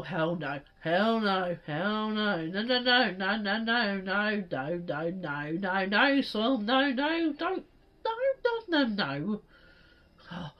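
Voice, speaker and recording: A woman giving frantic let's play commentary, yelling and pleading at the game. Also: mid-range voice, highs cut off. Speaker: gaming streamer.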